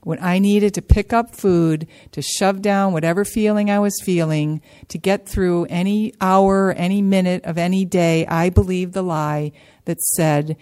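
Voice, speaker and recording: A woman giving a personal testimony as a speaker at a support-group workshop. She talks in a halting, earnest way, restarting sentences and repeating key words for emphasis. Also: fairly low pitch, steady tone, mellow. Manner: halting and repetitive, with many restarts and hesitant pauses. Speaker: workshop speaker sharing her recovery story. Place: meeting room at a workshop.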